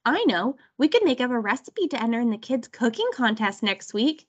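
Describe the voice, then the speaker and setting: A woman's voice: a little high, big pitch swings, fairly quick, slightly rough, muffled recording. A woman playing a sensible, bossy big sister. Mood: coaxing. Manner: coaxing, organizing.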